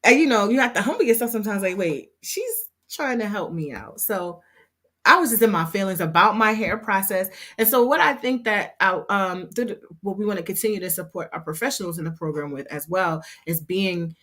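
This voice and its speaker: A woman on a casual livestream talking to her members, chatty and quick to laugh, with plenty of fillers and restarts. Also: mid-range voice, a bit bright. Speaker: hair business owner and instructor.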